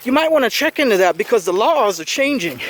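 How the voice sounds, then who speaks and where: A man's voice: very high voice, sing-song, fast talker, fairly bright tone. Taunting, breathless man filming on the street. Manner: taunting, confrontational. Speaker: street vlogger. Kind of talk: filming himself, live commentary.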